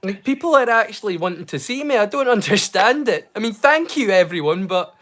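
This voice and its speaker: This livestream host has a high-sitting voice and talks briskly in a casual setting. His speech comes in excitable, hesitant bursts full of fillers and restarts, masking a mild stammer.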